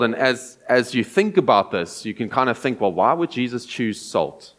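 A man preaching an earnest, explanatory sermon, often pausing and restarting as he thinks. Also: mid-range voice, animated.

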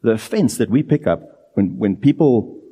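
A man's voice: lowish voice, expressive, breathy edge, highs cut off. Earnest male preacher in a reverberant hall. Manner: earnest, emphatic preaching with slow, drawn-out phrases. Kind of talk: sermon.

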